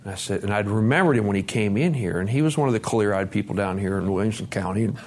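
A man in his forties giving a recovery testimony at a conference, storytelling in a lively, profane way, swinging from loud to soft. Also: on the low side, fast, a little hiss or hum. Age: 40s. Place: conference hall talk.

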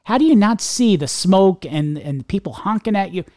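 A man's voice: high voice, lively intonation, normal speed, a little mellow. A middle-aged man co-hosting a podcast, ranting casually and rambling with lots of restarts. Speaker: podcast co-host.

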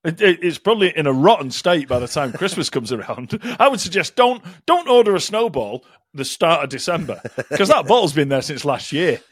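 A man's voice: on the high side, very animated, a little fast, few pauses, breathy edge, dry recording, clean studio sound. A British man co-hosting a podcast, chatting casually with blunt, sweary banter. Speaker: podcast co-host. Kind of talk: casual chat.

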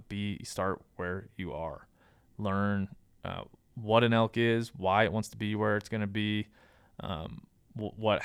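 A man's voice: lowish voice, gravelly, clear, resonant tone, no room sound. A man speaking as a podcast guest, giving casual advice in a thoughtful way with frequent ums and restarts.

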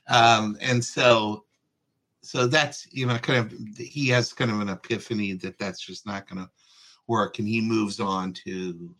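A male writer talking casually in an interview, recounting his book's story in a relaxed, meandering way. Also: lowish voice, measured pace. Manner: relaxed storyteller, lots of fillers. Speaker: author guest.

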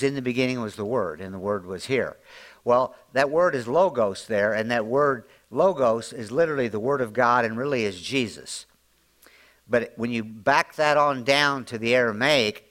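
A man preaching an informal, folksy sermon, often climbing higher and louder as he drives a point home. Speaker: pastor.

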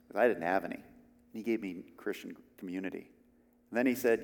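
A man preaches a sermon in an earnest, conversational manner, often restarting his sentences. His voice sits at an ordinary middle pitch. Long reverb from the church space trails behind his words. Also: expressive, fairly quick. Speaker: pastor.

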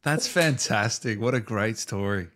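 A man's voice: fairly low pitch, unhurried, fairly bright tone. A man hosting an interview, chuckling and reacting with encouragement. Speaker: interview host. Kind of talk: casual interview chat.

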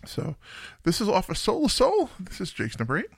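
Gravelly, chatty podcast co-host man. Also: high-pitched, wildly swooping pitch, fairly quick, no room sound, studio quality. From United States. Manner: joking, chatty, digressive. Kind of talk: casual music podcast chat.

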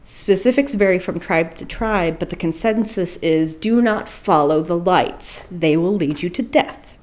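A woman's voice: lowish voice, measured pace, a little mellow. A woman co-hosting a podcast, telling a spooky story in a rambling, casual way, swearing and laughing at her own slips. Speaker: podcast co-host.

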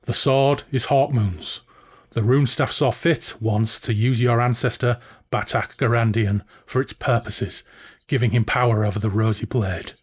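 A man's voice: medium pitch, fairly even intonation, normal speed, breathy edge, close to an everyday voice. A man reading aloud and voicing a mysterious armoured warrior with a dry, sardonic delivery.

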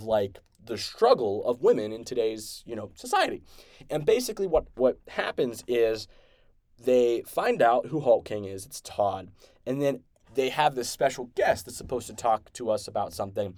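A man hosting a podcast, excitedly recapping and reviewing an episode in a rambling, casual way with many restarts. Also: mid-range voice, no echo. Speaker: podcast host.

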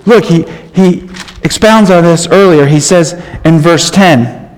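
A man preaching a sermon, reading scripture aloud and explaining it with emphatic, animated delivery. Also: fairly high pitch, a little slow. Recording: long reverb in a large hall.

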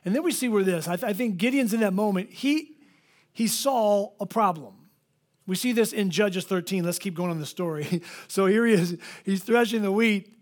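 Male pastor with a high voice, preaching in a church; lively storyteller who voices the people in his stories. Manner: animated storytelling, acts out quoted voices. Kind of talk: preached sermon.

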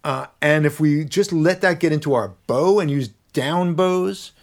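Man, podcast guest, violin teacher, thoughtful, searching for words, slightly higher voice. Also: unhurried. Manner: thoughtful, searching for words, sings rhythms aloud. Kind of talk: explaining technique in a podcast interview.

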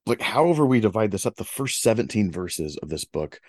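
A man with a low, deep voice leading a relaxed conversation about scripture and posing questions to his co-host. The sound is close and dry. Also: a little fast, no room sound. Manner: relaxed, asks questions and guides the discussion. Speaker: podcast co-host. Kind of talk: conversational Bible discussion.

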